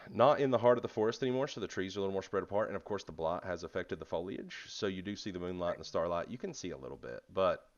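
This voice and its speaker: A man's voice: low voice, expressive, very fast, few pauses, muffled recording. A man narrating as game master of a tabletop game, laid-back, with fillers and laughs.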